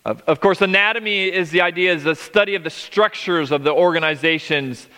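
A man's voice: on the high side, a little fast, bright, forceful tone. A middle-aged man preaching a sermon, emphatic, stretching key words and restarting phrases. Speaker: pastor. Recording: long reverb of a large hall.

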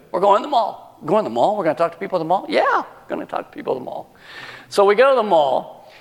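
A middle-aged man preaching a sermon, telling a story and acting out the dialogue with animated energy. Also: on the high side. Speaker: pastor. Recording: long hall reverb.

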